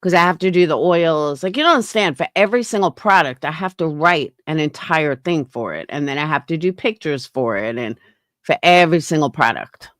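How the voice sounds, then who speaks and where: A woman's voice: sits low, lively intonation, fairly quick, a bit bright, no room sound, studio quality. Blunt, profane woman livestreamer. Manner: blunt, profane, answers chat. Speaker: livestream host. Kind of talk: casual livestream rant.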